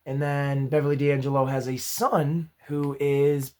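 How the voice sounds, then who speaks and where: A man hosting his own movie review channel, chatty and upbeat with self-deprecating asides, his voice going hoarse. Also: mid-range voice, level tone, measured pace, a little mellow. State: losing his voice. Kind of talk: casual spoken movie review.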